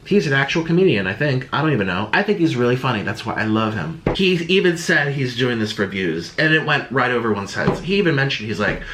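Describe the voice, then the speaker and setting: A man's voice: medium pitch, fast talker, hardly any pauses, noisy background. Exasperated man ranting in a roomy echo. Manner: exasperated, defensive, sarcastic; animated, swinging between loud outbursts and muttering. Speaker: YouTuber. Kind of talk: reaction vlog rant.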